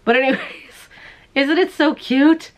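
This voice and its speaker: A woman's voice: high voice, measured pace. Giggly, bubbly woman crochet host. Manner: bubbly and giggly, laughs often; playful squeals and silly voices. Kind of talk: casual show-and-tell chat to camera.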